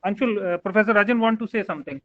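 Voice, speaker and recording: A man's voice: sits high, rapid-fire, dry recording. A man giving formal admission updates on a call. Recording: tinny phone-like line.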